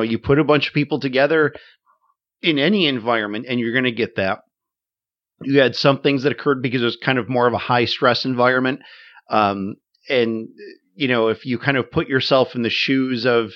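Guy musing out loud with lots of um and you know, dry dull sound, no room at all. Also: medium pitch, no room sound. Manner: thoughtful, many fillers and restarts. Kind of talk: casual conversation about a war film.

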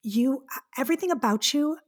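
Gushing husky-voiced woman podcast host. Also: high voice. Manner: effusive, gushing, quick asides. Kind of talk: chatty podcast interview.

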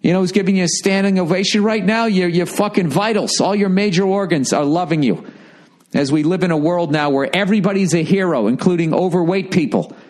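A man's voice: sits high, brisk, darkish tone. A middle-aged man hosting a show, answering listener letters in a blunt, rambling, heavily profane way. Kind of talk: casual advice rant.

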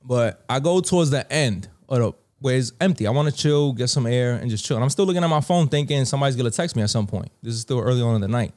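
A man with a New York accent telling a casual story, slangy and animated, acting out the dialogue. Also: medium pitch, quick pace, few pauses. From New York (Bronx).

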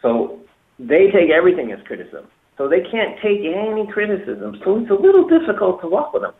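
A man's voice: high voice, very animated, fairly quick, creaky. Man coaching over a tinny echoey line. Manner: emphatic, repeats himself, acts out example phrases. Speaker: dating coach. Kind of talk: advice on a call-in talk show. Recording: echoey, tinny phone-like sound.

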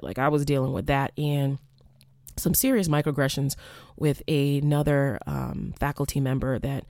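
A woman's voice: extremely low pitch, normal speed, no room sound, studio quality. Candid, profane young woman telling a story. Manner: profane, animated, acts out quoted exchanges. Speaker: podcast host, former college teacher.

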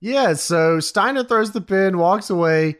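A man co-hosting a casual podcast, his voice a little high and his pitch rising and falling freely. He narrates events in a relaxed way and swears casually. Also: unhurried, slight background noise. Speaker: podcast co-host. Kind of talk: casual chat recapping wrestling.

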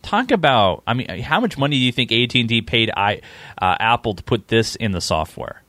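Man, tech podcast host, opinionated, animated, dry close sound. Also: mid-range voice, brisk, no room sound. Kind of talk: casual tech chat.

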